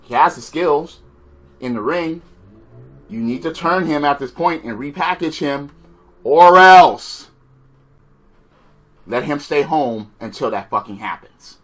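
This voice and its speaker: A man's voice: a little high, normal speed, a bit bright. Profane, exasperated man ranting. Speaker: wrestling reviewer. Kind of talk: ranting show review.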